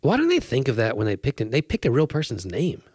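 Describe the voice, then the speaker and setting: Husky-voiced man, lively pitch. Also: no room sound, studio quality. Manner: playful, quick with jokes and silly voices. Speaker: podcast co-host. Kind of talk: casual chat.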